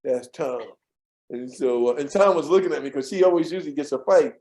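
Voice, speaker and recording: His voice is on the high side and his pace quick as he, an interview guest, shares casual workplace stories from years back. Chuckling often, he acts out quoted voices with animation and repeats words while recalling.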